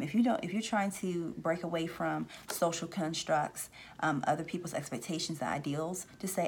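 A woman's voice: deep voice, normal speed, darkish tone, a little hiss or hum. A woman hosting a casual spiritual talk, rambling with restarts and acting out voices she says she hears. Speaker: spiritual reader and channel host.

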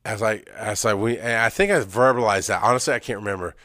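A middle-aged man telling a raw personal story with emphatic, blunt storytelling that swings between loud bursts and low, quiet stretches. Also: quick pace, no room sound, studio quality. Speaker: speaker sharing his experience.

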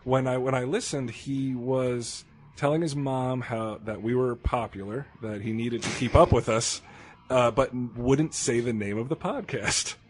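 A man co-hosting a podcast, chatting casually and telling animated stories with plenty of swearing. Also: medium pitch, unhurried, slightly rough. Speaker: podcast co-host. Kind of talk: casual chat.

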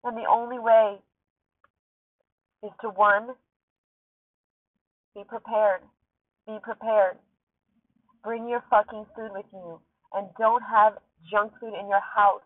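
A woman's voice: mid-range voice, flat delivery, slow pace, long pauses, no echo, phone-quality sound. A woman hosting a podcast from her car, tearful and shaken, talking urgently and swearing often in an emotional monologue. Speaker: podcast host. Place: parked car.

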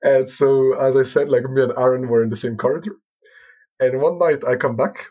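A young man guest on a podcast, hesitant with many restarts, animated when telling a story. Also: medium pitch, fairly quick. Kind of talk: casual storytelling.

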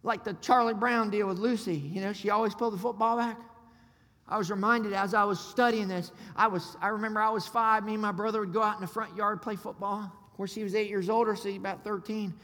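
A man preaching a sermon, excitable and storytelling, with loud shouted peaks. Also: sits high, fairly quick. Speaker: pastor. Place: church sanctuary. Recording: long hall reverb.

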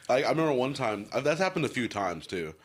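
A man's voice: medium pitch, big pitch swings, moderate pace, fairly bright tone. A young man chatting casually and easily as a podcast co-host, full of "like" and chuckles. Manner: easygoing, lots of "like" fillers, chuckling. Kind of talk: casual chat.

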